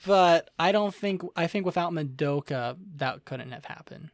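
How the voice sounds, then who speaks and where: A young man co-hosting an anime podcast, talking in an animated, rambling way and laughing easily. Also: on the high side, normal speed, dry recording, clean studio sound. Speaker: podcast co-host. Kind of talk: casual anime review chat.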